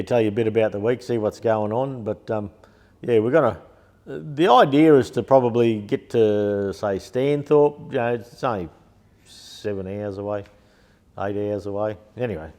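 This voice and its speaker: A man's voice: lowish voice, a little mellow, big-room sound. A middle-aged Australian man chatting casually to his viewers in a meandering, folksy way, full of ums and chuckles. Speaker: vlogger, shed channel host. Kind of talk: casual rambling chat to camera.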